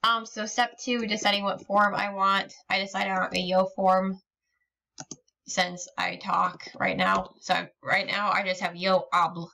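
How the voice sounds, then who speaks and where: A woman's voice: mid-range voice, little pitch movement, measured pace, creaky, bright, forceful tone. A woman teaching a recorded lesson, explaining patiently step by step with frequent ums. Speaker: Spanish teacher.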